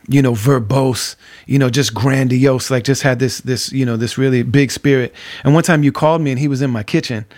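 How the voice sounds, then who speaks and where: A man hosts a relaxed podcast conversation in an ordinary mid-range voice. He tells long stories, peppered with "you know" and little restarts. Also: medium pitch. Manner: storytelling, many fillers like "you know". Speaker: podcast host. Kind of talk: casual interview conversation.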